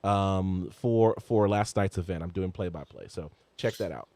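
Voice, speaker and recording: A man co-hosting a sports podcast in casual chat, stumbling over restarts and letting his voice jump high when excited. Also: normal speed, noisy background. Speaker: podcast co-host.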